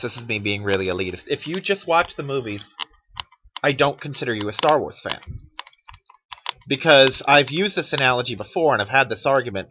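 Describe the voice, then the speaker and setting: A man in his thirties rants with a lively, swooping delivery and a bright, forceful edge to his voice. He swears freely and slips into sarcastic mock quotes. Faint keyboard clicks sit behind him. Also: mid-range voice, a little hiss or hum, low-quality recording. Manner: profane, animated ranting with sarcastic mock quotes. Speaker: channel host. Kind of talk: ranting monologue.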